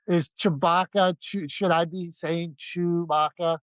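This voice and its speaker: A man's voice: on the high side, little pitch movement, unhurried, smooth, no echo, dull audio. A man co-hosting a podcast, joking around in a playful, self-mocking way. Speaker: podcast co-host. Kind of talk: casual podcast banter.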